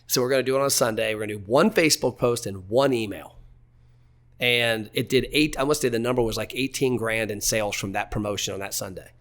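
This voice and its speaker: A man in his forties talks as a guest on a podcast. He tells stories plainly and bluntly, with casual swearing, in a mid-pitched voice. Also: fast talker, fairly bright tone. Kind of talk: casual storytelling.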